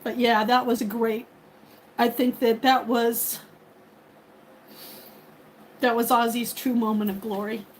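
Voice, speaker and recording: A woman's voice: a little high, flat delivery, takes it slowly, pauses often, a little hiss or hum, rough recording. Chatty, rambling woman streamer. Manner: rambling, chatty and openly emotional. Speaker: livestream host. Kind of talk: casual chat with live viewers.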